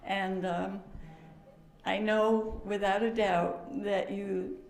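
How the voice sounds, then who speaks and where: An older woman giving an emotional memorial speech, halting, with fillers and laughter through tears. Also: mid-range voice, little pitch movement, a little mellow, echoey room. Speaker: family friend giving a eulogy.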